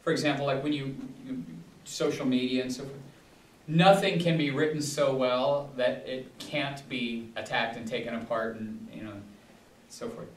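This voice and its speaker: A man's voice: medium pitch, fairly even intonation, normal speed, a little hiss or hum. Guy pastor rambling through a bible study, lots of restarts, echoey room far from the mic. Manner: rambling, digressive, many restarts and fillers. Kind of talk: casual teaching talk.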